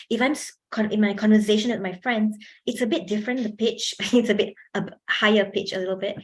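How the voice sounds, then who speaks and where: A woman giving an animated talk on public speaking at a workshop, laughing often and asking her audience questions, on a handheld microphone. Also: medium pitch.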